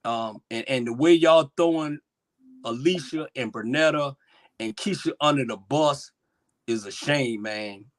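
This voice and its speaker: A man on a casual live-stream talk show, emotional and impassioned, his voice swinging between loud and soft. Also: mid-range voice, unhurried.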